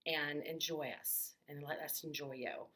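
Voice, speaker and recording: Woman doing a gentle townsperson, hushed, coaxing, half whispered, low-set, bright tone. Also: fairly even intonation, unhurried. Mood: soothing. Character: kindly soothing townsperson calming a panicked man.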